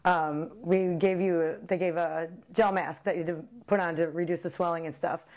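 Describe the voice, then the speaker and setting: A woman's voice: on the low side, steady tone, normal speed, a little mellow. Woman hesitantly recalling a family scare. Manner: hesitant, searching for words. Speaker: interviewee, family member. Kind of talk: recounting a family memory.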